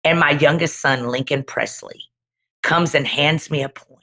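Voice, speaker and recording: Emphatic, low-voiced woman pastor. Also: unhurried, sharp tone. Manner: emphatic, dramatic and exhorting, with repeated refrains. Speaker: pastor and guest speaker. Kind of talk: preacherly testimony in conversation.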